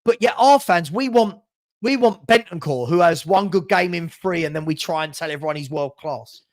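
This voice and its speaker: A man's voice: fairly high pitch, moderate pace. A man hosting a fan channel, ranting passionately about his football club in heated chat and stumbling over repeated words. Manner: passionate ranting, repeats himself, laughs often.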